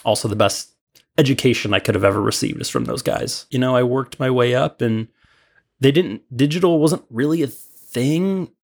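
A podcast guest from Illinois, USA, tells a long, rambling story in a casual way, packed with fillers and restarts. His voice sits at medium pitch and moves at a moderate pace.

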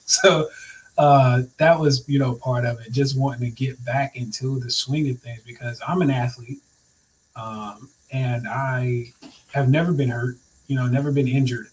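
A man's voice: medium pitch, steady tone, normal speed, a little hiss or hum. A young man telling his own story in casual talk, acting out his thoughts and laughing often. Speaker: storyteller recounting his accident. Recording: voice a bit distant from the mic.

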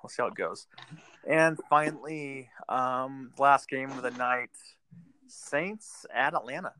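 A man's voice: mid-range voice, slow pace, sharp tone, a little hiss or hum. A man hosting a casual sports chat, making game picks in a chatty way with sarcastic asides. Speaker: podcast host making football picks.

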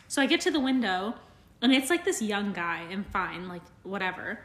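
A woman's voice: mid-range voice, very animated, moderate pace, echoey room. Blunt, foul-mouthed young woman co-host. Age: young adult. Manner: blunt, swears freely. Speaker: podcast co-host. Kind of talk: casual chat.

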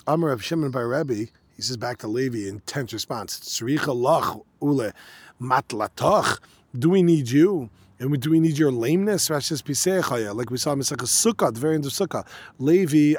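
Here a male Talmud teacher reads quick snippets of Aramaic, then explains them in easygoing English, often posing rhetorical questions. He speaks at a medium pitch with a somewhat dark tone, and the recording has no room sound.

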